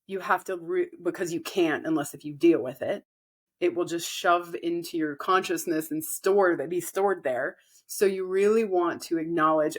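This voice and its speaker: A woman co-hosting a podcast, calmly explaining spiritual ideas and acting out inner dialogue. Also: fairly low pitch. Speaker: podcast co-host. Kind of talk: casual spiritual chat.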